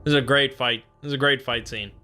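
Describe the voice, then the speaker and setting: A man's voice: medium pitch, fairly even intonation, fast talker, pushed and bright, faint music behind. A man hosting a let's play, giving casual game commentary in a musing, offhand way.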